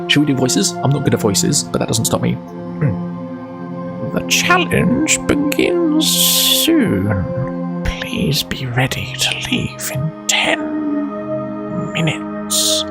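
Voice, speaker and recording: A man on a casual livestream who rambles, interrupts himself and laughs easily, then reads a book aloud. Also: lowish voice.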